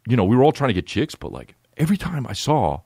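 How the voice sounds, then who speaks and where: A man's voice: medium pitch, very animated, fast, creaky, a little mellow, breathy edge, no room sound, studio quality, heavily acted. A man voicing a laid-back young surfer dude who chases women and drawls "man" after nearly every phrase. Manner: drawling, says "man" constantly.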